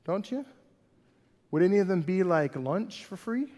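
High-voiced animated preacher in a reverberant hall. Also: male voice, a little slow. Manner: animated, conversational preaching with rhetorical questions. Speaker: pastor. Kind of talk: sermon.

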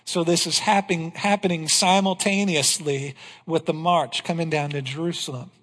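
A male pastor preaching a sermon in a church, emphatic, asking rhetorical questions and dropping to a hush on key lines. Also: a little high, fairly even intonation, normal speed. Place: church sanctuary. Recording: long hall reverb.

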